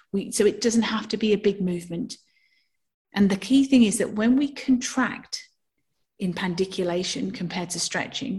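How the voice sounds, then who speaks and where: A woman teaches a movement class at an ordinary pitch. She is animated, puts on small sounds and sighs to show a point, and keeps checking in with her listeners by asking them questions. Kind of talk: workshop teaching.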